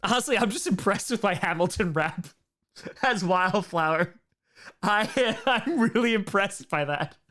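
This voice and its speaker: A man with a hoarse, worn-out voice hosting a casual live Q&A, joking and rambling as he reads chat questions. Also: sits high, animated, a little slow, pushed and bright. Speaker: live stream host answering chat.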